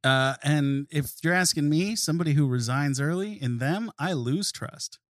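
A man's voice: a little high, normal speed, no echo, clean studio sound. A man co-hosting a comedy podcast in goofy, jokey casual chat. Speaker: podcast co-host.

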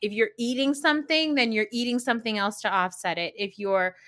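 Podcast co-host, woman, 30s, chatty, bright tone, lots of fillers. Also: a little high, fairly quick. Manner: chatty, frequent likes and ums. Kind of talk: casual chat.

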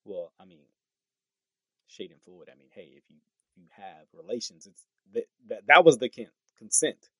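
Animated incredulous male commentator. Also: fairly low pitch, moderate pace, breathy edge, dry recording. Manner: animated, incredulous, stumbles over words with laughs. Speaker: political commentary host. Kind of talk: casual commentary reading tweets.

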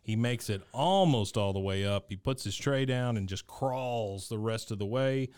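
A man's voice: on the low side, moderate pace, clean tone, no room sound, clean studio sound. A man co-hosting a podcast, casually recapping a cartoon episode and acting out the characters' lines in a raised voice. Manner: animated retelling, quotes characters in raised voice. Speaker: podcast co-host.

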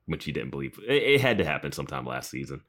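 A man's voice: rumbling low, sing-song, fast talker, a bit bright. A man guesting on a podcast, chatty and asking questions in casual talk. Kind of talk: casual chat.

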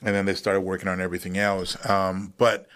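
Young guy with a lowish voice, rambling thru his story, lots of ums and restarts. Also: flat delivery, a little fast, a bit bright, clear, resonant tone. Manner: rambling, many fillers and restarts. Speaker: guest. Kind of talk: casual interview storytelling.

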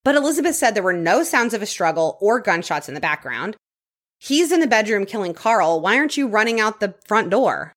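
Lively woman telling a true crime story. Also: mid-range voice, brisk. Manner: lively storytelling, reads case details aloud. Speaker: podcast co-host. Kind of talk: true crime podcast chat.

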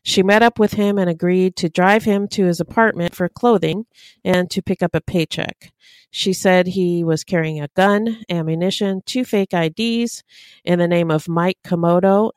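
Smooth-voiced woman reading case details. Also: on the low side, fairly even intonation, normal speed, no room sound. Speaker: podcast co-host.

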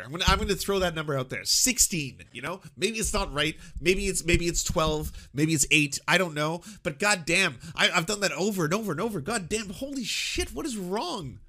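High, bright male commentator, incredulous and exasperated, swearing often in casual reaction talk. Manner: exasperated, swearing, laughing in disbelief.

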